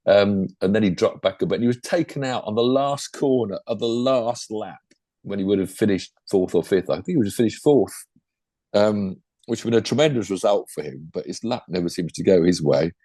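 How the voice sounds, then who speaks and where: A man's voice: fairly low pitch, brisk, dark tone, no echo. An older man with a chatty, rambling manner, talking casually about motorsport as a podcast co-host. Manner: chatty, rambling, full of asides. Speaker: podcast co-host and former racing driver.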